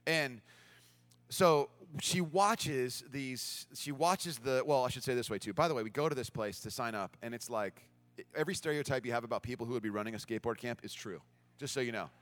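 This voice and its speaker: A man preaching a sermon as pastor, telling a story in an animated way and acting out the voices of the people in it. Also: medium pitch, a little fast.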